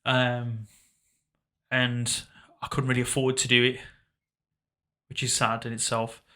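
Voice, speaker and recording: Bright-voiced man, halting. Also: mid-range voice, completely flat delivery. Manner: halting, reflective, trailing off into quiet asides. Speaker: podcast co-host. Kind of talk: casual emotional conversation.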